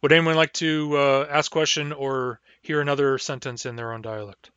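A man teaching a language class online, sounding out words slowly and carefully, syllable by syllable. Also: mid-range voice, flat delivery, a bit bright, clean tone, no echo, dull audio. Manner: slow, careful, deliberate pronunciation.

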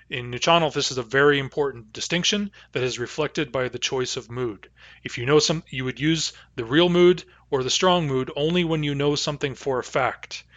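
A man giving a recorded language lesson, pronouncing example phrases slowly and carefully. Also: mid-range voice, fairly bright tone, no room sound, lo-fi sound. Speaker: language teacher.

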